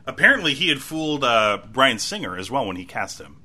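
A man's voice: mid-range voice, expressive, a little fast, a loud crowd. A man co-hosting a casual TV recap podcast, rambling and self-mocking with many restarts. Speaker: podcast co-host.

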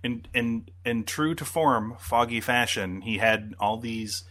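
Slow and a little bright, this male podcast co-host speaks at medium pitch with fairly even intonation. His casual chat wanders, full of fillers and restarts.

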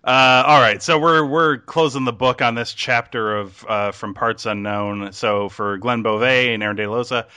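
A man's voice: medium pitch, moderate pace, hardly any pauses, sharp tone, clear, resonant tone, no room sound. A man hosting a podcast, making dry quips and wrapping up the episode in casual chat. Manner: dry quips, chuckles, wraps up the show. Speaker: podcast host.

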